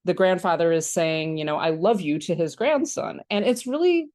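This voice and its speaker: A woman co-hosting a film podcast in casual chat, animated and laughing often, acting out childish protests in a higher voice. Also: moderate pace, no echo, studio quality. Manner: frequent laughter and filler words. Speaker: podcast co-host.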